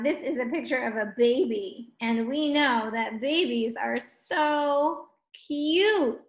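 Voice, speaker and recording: Slow, encouraging first grade teacher woman. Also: sits high. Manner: slow, encouraging, drawn-out words for children. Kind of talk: phonics lesson for young children.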